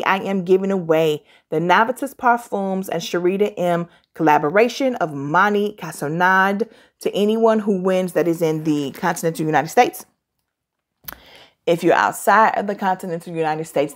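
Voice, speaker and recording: A tired, chatty woman in her forties who talks fast and gives opinionated reviews in a casual vlog. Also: on the low side. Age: 40s. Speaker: fragrance reviewer.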